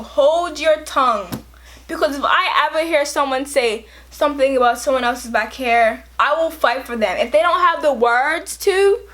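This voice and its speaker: A young woman with a high voice tells a story from her own life. She talks in an animated, emotional way and uses lots of fillers. It has the loose feel of a story time vlog. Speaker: vlogger.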